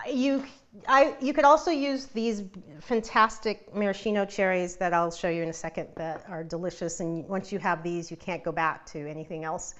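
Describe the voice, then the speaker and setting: A woman's voice: medium pitch, dull audio. A woman from Northern California hosting a casual live cooking demo, chatty and giggly and laughing often. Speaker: host of a cooking show.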